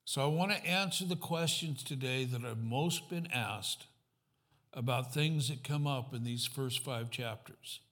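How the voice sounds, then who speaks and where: A man's voice: mid-range voice, a little slow, a bit bright. A man as guest pastor giving a sermon in a church, conversational, putting questions to the congregation, with light self-deprecating humor. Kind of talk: sermon with a joke opener.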